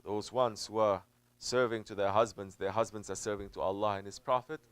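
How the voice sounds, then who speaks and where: A man, a Sufi teacher, preaching a sermon in an emphatic way. He drops to low murmurs, then builds to loud, stressed peaks, and he repeats phrases for weight. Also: steady tone, fairly quick, clean tone, no echo. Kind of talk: sermon answering a question.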